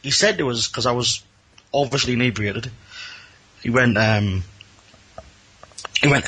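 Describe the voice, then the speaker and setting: Chatty Geordie man with a husky voice. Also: medium pitch, normal speed, pauses often, bright, forceful tone. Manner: rambling, self-mocking storyteller who acts out other voices. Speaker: caller. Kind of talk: casual anecdote on a radio phone-in.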